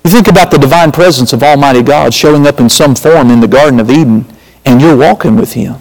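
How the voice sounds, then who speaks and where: A man with a mid-range, slightly mellow voice preaches a sermon as a pastor at a quick pace. He is emphatic, repeating phrases and calling out to the congregation, and the recording sounds reverberant, like a hall.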